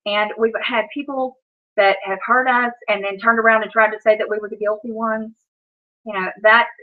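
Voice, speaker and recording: Chatty woman vlogger, lo-fi sound. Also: on the high side. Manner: chatty, frequent "you know" and self-restarts, laughs between words. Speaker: YouTube vlogger on a live stream. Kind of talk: casual rambling chat to viewers. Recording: dull lo-fi audio.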